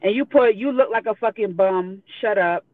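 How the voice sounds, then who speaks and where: A woman's voice: mid-range voice, normal speed. A woman calling in, reading out messages bluntly and profanely, laughing between them. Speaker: guest. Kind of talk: reading out messages on a live call. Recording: tinny phone line.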